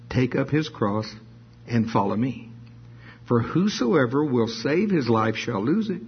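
Husky-voiced male preacher. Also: mid-range voice. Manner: reads scripture slowly, adds asides with laughs. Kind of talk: sermon. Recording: dull lo-fi sermon recording.

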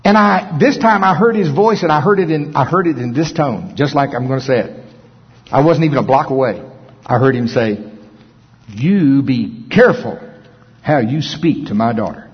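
A middle-aged male pastor preaching a sermon, folksy and storytelling, with chuckles and hushed dramatic pauses. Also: fairly high pitch, husky. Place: large auditorium. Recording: dull, long-reverb hall sound.

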